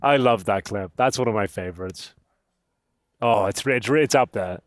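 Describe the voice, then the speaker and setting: Excitable man casting a shooter game. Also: fairly low pitch, moderate pace, no echo, studio quality. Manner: excitable, rising to loud calls on action. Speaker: esports caster. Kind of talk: live esports commentary.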